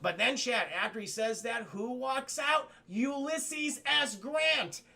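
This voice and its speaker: A man recapping a film scene by scene for his live stream chat, animated and profane, mimicking characters as he goes. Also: very high-pitched, slow, vocal fry.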